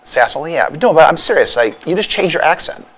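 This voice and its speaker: A man's voice: on the high side, sing-song, fast, a bit bright. A man from the Midwest co-hosting a podcast, teasing and telling stories in casual banter. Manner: teasing storyteller, acts out other people's voices. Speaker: podcast co-host.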